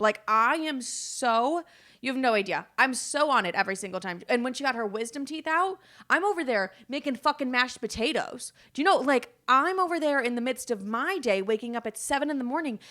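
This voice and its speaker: Bright-voiced young woman venting casually. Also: fairly high pitch, expressive, a little fast. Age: 20s. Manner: candid, rambling, swears freely, quotes others in dialogue. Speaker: podcast host. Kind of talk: casual chat.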